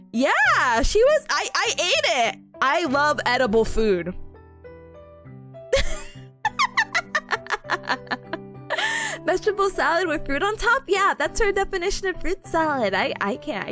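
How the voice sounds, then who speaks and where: A woman's voice: sits high, a bit bright. A woman in her twenties streaming, chatting casually with viewers, giggling often and reading chat aloud.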